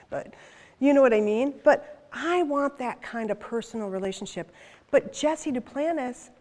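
Conversational woman preaching in a reverberant hall. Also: sits high. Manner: conversational, animated, with quick asides. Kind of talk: sermon.

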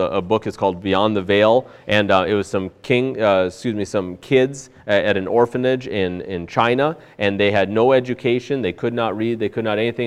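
A man's voice: lowish voice, smooth. A man preaching a sermon in an earnest way, with frequent fillers and restarts. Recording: long hall reverb.

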